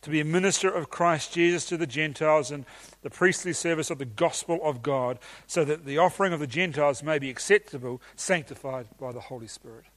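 A man's voice: a little high, fairly quick, fairly bright tone. A man preaching a teaching sermon with emphatic enthusiasm and some hesitations.

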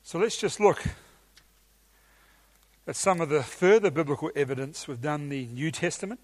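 Guy preaching a sermon, pretty high voice, gets worked up and emphatic. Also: lively intonation, normal speed. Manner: enthusiastic, emphatic, some hesitations. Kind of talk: sermon teaching.

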